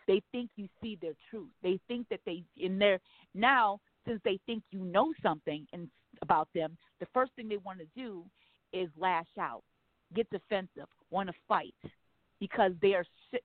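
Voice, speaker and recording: A woman hosting a casual talk radio show, speaking frankly and profanely with animated storytelling. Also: medium pitch, moderate pace, no room sound. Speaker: host. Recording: dry phone-like line.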